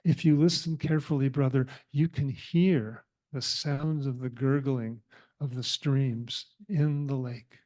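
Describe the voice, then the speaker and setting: A wise, calm storybook cat, voiced by a man, speaking in a slow, mellow tone that soothes rather than commands. Every word is patient and unhurried, like a kind guide offering help. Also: medium pitch, natural voice. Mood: soothing.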